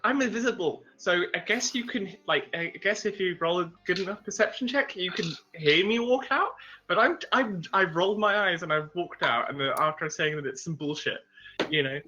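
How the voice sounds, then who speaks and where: A man's voice: sits high, normal speed, pushed and bright, muffled recording. A man playing a tabletop game, describing his character's actions in a profane, laughing, rambling way. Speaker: player.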